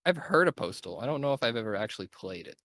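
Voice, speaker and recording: A man's voice: medium pitch, big pitch swings, fast, fairly bright tone, no echo. A young man hosting a casual gaming podcast, talking in an enthusiastic, rambling way and correcting himself as he goes. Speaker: podcast host.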